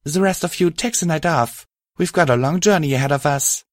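A man reading aloud and voicing a guilt-ridden young pony hero who stammers and confesses haltingly. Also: on the high side, no room sound, studio quality, voice pushed up, lightly acted. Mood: tired.

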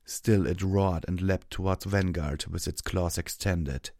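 A man reading an action story aloud as narrator, in steady, even scripted narration on a close mic. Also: low voice, measured pace, no room sound.

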